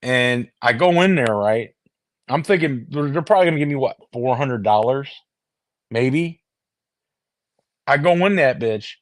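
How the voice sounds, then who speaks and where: A man rambles to his viewers in a loose, profane chat, stumbling over repeated words and starting sentences over. His voice sits at an ordinary middle pitch. The sound is very dry and close, captured on a phone with no room echo. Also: expressive, unhurried, pauses often. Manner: heavy swearing, restarts and repeated words. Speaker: streamer talking to viewers.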